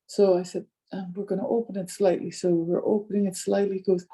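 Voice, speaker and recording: An older woman, a community elder, telling a personal story with lively quoted exchanges. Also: mid-range voice, a little fast, husky. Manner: animated retelling with many quoted exchanges. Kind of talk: storytelling talk.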